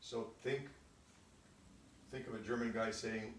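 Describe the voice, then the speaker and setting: Male chemistry teacher, mid-pitched, patient step-by-step delivery, recorded from a distance in a reverberant room. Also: fairly even intonation, a little slow, a little hiss or hum. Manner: explains step by step, often adding "okay?" and restarting phrases. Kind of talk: casual recorded lesson.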